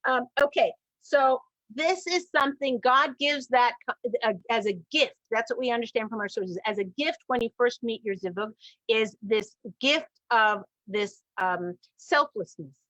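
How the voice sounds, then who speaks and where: A woman hosting a relationship advice talk show, speaking in an animated way with sudden jumps in pitch when she acts out quoted voices. Her voice sits in a mid range. The sound is dry and a little dull. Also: unhurried, no room sound.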